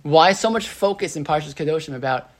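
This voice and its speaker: A man's voice: on the high side, animated, brisk, very noisy. A man teaching a conversational Torah class as a rabbi, often checking in with the room and mixing Hebrew terms into his English. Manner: chatty, asks the room "right?", lots of restarts and "like".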